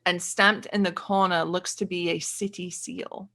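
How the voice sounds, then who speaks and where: Woman game master, bright tone, describing with hesitant fillers. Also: fairly low pitch, flat delivery, a little slow. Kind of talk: narrating a tabletop game.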